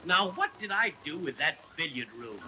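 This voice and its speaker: A man's voice: fairly high pitch, sing-song, noisy background. A man playing a pompous, blustering man posing as a colonel in a 1930s film comedy. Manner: pompous, slow and grand.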